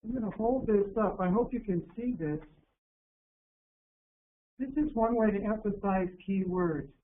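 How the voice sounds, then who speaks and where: Calm man teaching, tinny narrow sound. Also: high-pitched. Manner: calm and deliberate, slows down to stress key words. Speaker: teacher educator presenting a workshop. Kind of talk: instructional workshop talk. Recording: narrow phone-like sound with faint hiss.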